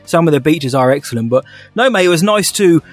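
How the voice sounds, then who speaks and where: A man's voice: fairly high pitch, expressive, brisk, soft background music. Upbeat man hosting a podcast. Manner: jokey, upbeat banter. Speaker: podcast co-host. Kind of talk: casual chat.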